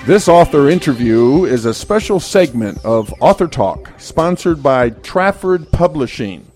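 A man hosting a radio author interview, speaking in a measured way and reading from his notes. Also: a little high, big pitch swings, darkish tone, soft background music. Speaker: radio show host.

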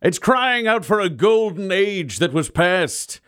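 A man's voice: high voice, very animated, clean tone, voice pushed up, heavily acted. The speaker, a man playing a bombastic showman. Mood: grandiose. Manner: slow, bombastic, shouted speechmaking. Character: grandstanding male showman rousing an arena crowd. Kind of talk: tabletop game role-play.

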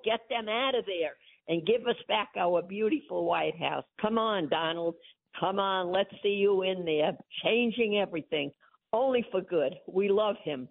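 A woman's voice: mid-range voice, a little slow, vocal fry, dry recording. Older New woman on the phone. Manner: emphatic, gushing and pleading. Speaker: host's mother, phone-in guest. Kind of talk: casual phone chat. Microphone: telephone. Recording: tinny phone line.

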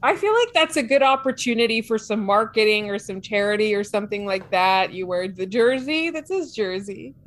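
A woman's voice: mid-range voice, expressive, moderate pace, hardly any pauses. A woman co-hosting a sports podcast, chatting in an easygoing way with some hesitations. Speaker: podcast co-host. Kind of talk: casual sports chat.

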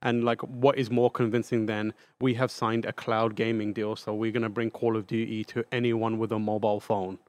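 A man's voice: fairly low pitch, flat delivery, moderate pace, few pauses, no room sound. A man appearing as a guest games journalist on a podcast, thinking aloud in casual chat, full of likes and restarts.

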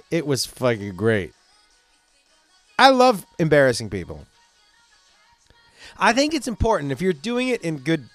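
Profane middle-aged comedian, fairly high voice. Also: male voice, no room sound. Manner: profane, animated ranting with loud outbursts. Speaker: stand-up comedian. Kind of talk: casual monologue.

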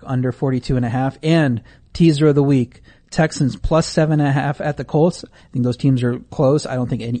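Fast-talking man with a mellow voice. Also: mid-range voice. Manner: quick, dry sarcasm. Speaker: podcast co-host. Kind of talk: casual betting podcast chat.

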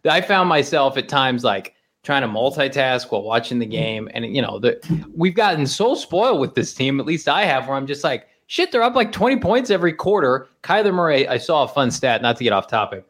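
A man co-hosting a sports podcast. His talk is animated and full of jokes. He laughs easily as he goes. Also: medium pitch, fairly quick. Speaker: podcast co-host. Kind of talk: casual sports podcast chat.

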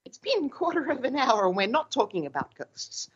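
A woman's voice: sits high, very animated, normal speed, muffled recording, slight background noise. A woman from Australia with an Australian accent, chatting bubbly and laughing easily as a podcast guest over a remote call. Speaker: guest paranormal investigator. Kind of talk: casual podcast chat. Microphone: remote call mic.

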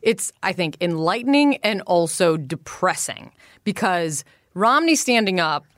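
A woman hosting a political podcast, steering the talk in a brisk, wry way. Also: lowish voice, big pitch swings, a bit bright, no echo, studio quality. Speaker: podcast host. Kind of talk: casual political podcast chat.

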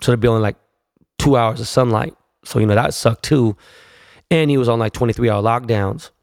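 Gravelly, profane man telling a story. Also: medium pitch, brisk, darkish tone, no echo, studio quality. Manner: profane, slangy, rambling. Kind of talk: casual storytelling.

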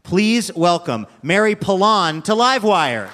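Male host for a live radio show, slightly high voice, reverberant hall. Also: very animated, unhurried, a loud crowd. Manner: scripted introductions, casual questions.

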